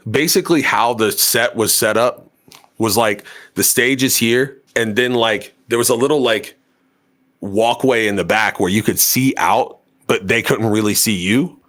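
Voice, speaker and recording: Low-voiced man telling a rambling story. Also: fairly bright tone. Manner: rambling, filler-heavy, swears a lot. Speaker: podcast co-host. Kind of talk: casual storytelling chat.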